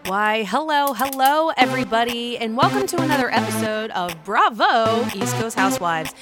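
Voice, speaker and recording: A woman with a Pittsburgh accent hosting a gossip podcast, chatting casually with lots of swearing and sudden bursts of loudness. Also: fairly high pitch, moderate pace, over loud music. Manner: chatty, profane, animated swings in loudness. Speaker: podcast host.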